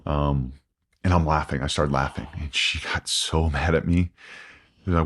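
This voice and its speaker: Deep voiced guy in his 40s on a podcast, lots of restarts and um's, talking it through slow. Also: fairly even intonation. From United States. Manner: halting, many restarts and fillers, quoting himself. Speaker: podcast guest. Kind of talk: candid interview.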